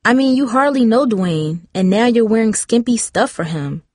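Storybook teen girl, careful and caring, slightly raised pitch, dry voice; read by a woman. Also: lively intonation, moderate pace, a little mellow, dry recording. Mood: worried. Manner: earnest, pleading.

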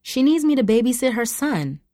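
A woman's voice: on the high side, very animated, brisk, mellow, no echo, studio quality, voice pushed up. A woman voicing a guilty, defensive sixteen-year-old girl who pleads with her mother. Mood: explaining. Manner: defensive and hesitant.

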